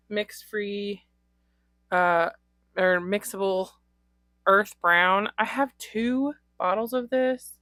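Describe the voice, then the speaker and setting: A woman's voice: mid-range voice, fairly bright tone, no echo. A woman vlogging about her fountain pen inks in a casual, chatty way, with lots of ums and small laughs. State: recovering from a cold. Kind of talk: casual show-and-tell vlog.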